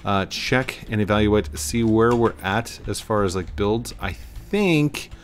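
Faint game music runs under this low-voiced man from Missouri, USA, whose rural twang comes through slowly, with a little hiss or hum on the recording. As a gaming channel host, he rambles through relaxed gameplay commentary, often chuckling at his own expense.

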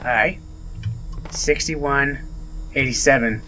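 Slow-paced and sharp in tone, a man with a mid-range voice reacts to a horror let's play he's hosting, with slight hiss or hum audible. He jumps, exclaims and jokes at the screen as the game unfolds.

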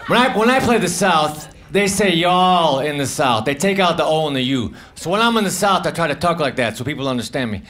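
A man doing a stand-up comedy set on a club stage, delivering deadpan, offhand one-liners into a handheld mic. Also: brisk. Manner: deadpan, offhand one-liners, drifts into low muttered asides. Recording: live club recording with audience noise. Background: audience laughter.

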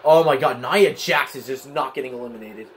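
A young man giving excitable, frustrated live commentary while playing a wrestling video game at home, often yelling at the screen. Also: medium pitch, brisk, slight background noise. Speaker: gaming channel host. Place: home, at a desk in a spinning chair.

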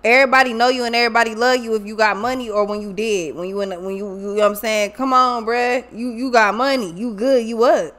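Woman, tarot reader, fairly high voice, blunt, profane, emphatic, casual monologue. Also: fairly even intonation, fast, few pauses, fairly bright tone.

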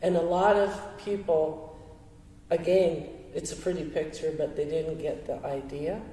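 An older woman speaks slowly and gently, sharing teachings with quiet warmth and soft laughter. Her voice carries from a distance across a roomy hall with a long echo. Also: sits low, steady tone. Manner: gentle, warm-hearted, slow and reflective with soft laughs. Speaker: speaker sharing teachings through her late husband's art. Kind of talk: heartfelt talk with audience questions. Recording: roomy hall, voice from far off the mic.

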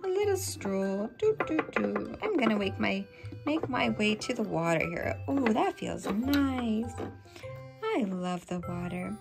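A woman voicing a cheerful little duck out for a stroll, speaking softly in a contented, sing-song way. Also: mid-range voice, very animated, a little slow, creaky, over music.

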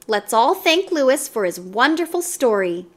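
A woman's voice: high voice, big pitch swings, a little slow, fairly bright tone, full character voice. A woman voicing a prim female schoolteacher speaking to her class in an instructive tone.

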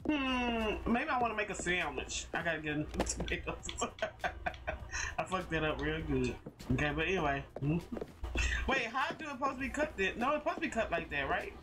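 While playing a cooking game, a streamer chats casually with viewers and himself, laughing often and cursing when things go badly. The voice is medium-pitched at a normal speed, with clicking and a steady noise in the background.

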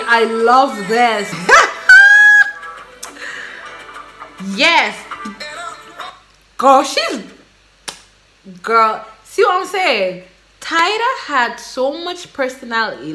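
A woman hosting a reaction video, gushing and excitable in casual commentary. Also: high-pitched, takes it slowly, over music. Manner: gushing, excitable, exclaiming and laughing.

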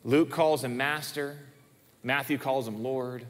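A man's voice: mid-range voice, fairly even intonation, slow pace. A male pastor preaching a sermon in an emphatic way, often repeating words for stress. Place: church sanctuary. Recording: long reverb of a church hall.

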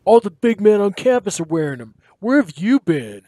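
A man's voice: sits high, sing-song, moderate pace, mellow, no echo, pitched above the performer's own voice. A man voicing a fad-crazed young male college student who wails and pleads impatiently. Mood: pleading.

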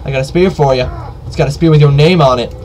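A man giving joking live commentary while playing a game, yelping and shouting during fights. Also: mid-range voice, quick pace. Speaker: let's play gamer.

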